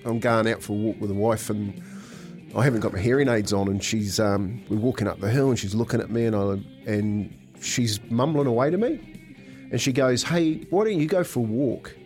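A man's voice: lowish voice, fairly quick, soft background music. A man with a New Zealand accent, a radio co-host, telling a funny story and laughing as he goes. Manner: laughing, animated anecdote. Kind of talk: storytelling banter.

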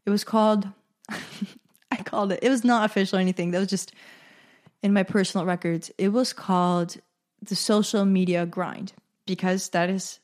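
A woman's voice: mid-range voice, darkish tone. Young woman, podcast host, casual solo chat, playful and self-amused; natural mid-range voice. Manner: chatty and self-amused, laughs at own jokes.

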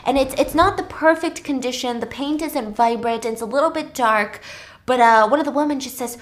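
A woman hosting a casual chat, recapping a movie in an animated, joking way. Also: sits high, brisk. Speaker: host.

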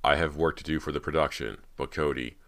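A man voicing a suspicious male stage director who speaks softly but sternly in an audiobook. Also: very deep voice, steady tone, a little fast. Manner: soft-spoken, stern.

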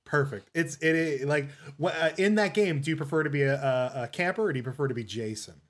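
Upbeat male co-host, a bit high. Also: fast talker. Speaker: podcast co-host. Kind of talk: casual interview.

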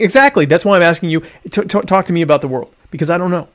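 A man hosting a live stream with a voice pitched a touch high. He rambles, cuts himself off mid-sentence and stretches words out in a deadpan, mock-grand way. The talk is loose and chatty, read to viewers' comments. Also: fast, vocal fry. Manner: deadpan, mock-pompous humor; rambling, self-interrupting. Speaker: live show host. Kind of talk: casual live-stream chat.

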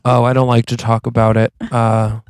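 A man playing a grieving widower and former city newspaper editor, gruff and evasive. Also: medium pitch, completely flat delivery, moderate pace, a little mellow, no room sound, clean studio sound, natural voice.

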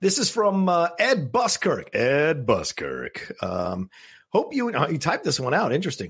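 A man's voice: on the high side, huge pitch swings, normal speed, vocal fry, a bit bright, slightly rough. A man co-hosting a podcast about films, talking casually and rambling, with many restarts and fillers. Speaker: podcast co-host. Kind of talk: casual chat.

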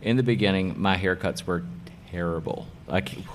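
A man's voice: deep voice, normal speed, slight background noise. A man who works as a hairdresser and salon owner, talking energetically as a guest in a casual interview and repeating his key points for emphasis.

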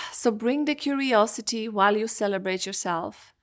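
A woman's voice: mid-range voice, normal speed, few pauses. A woman hosting a podcast, giving an earnest, emphatic motivational talk as a coach and acting out her clients' words.

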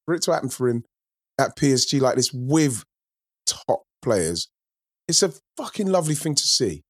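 A man's voice: medium pitch, very animated, normal speed, breathy edge, no room sound, studio quality. A man co-hosting a football chat, talking animatedly and repeating himself as he builds a point. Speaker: football podcast co-host. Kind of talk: casual chat.

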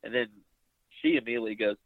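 A man's voice: medium pitch, fast, gravelly, no room sound. Man telling a hunting story down a thin phone line. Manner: rambling, animated retelling with quoted dialogue. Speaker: bowhunter guest. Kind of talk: casual storytelling interview.

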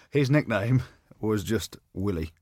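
A man co-hosting a rugby podcast, telling stories in quick, laughing banter. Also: lowish voice, lively intonation, darkish tone, no echo, studio quality. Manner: fast, laughing storyteller. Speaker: podcast co-host, former rugby player. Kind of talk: casual banter.

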